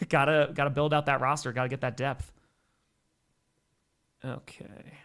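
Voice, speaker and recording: A man hosting a live sports stream, casually chatting and reading viewer messages aloud with sudden animated outbursts. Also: medium pitch, a little slow. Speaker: livestream host.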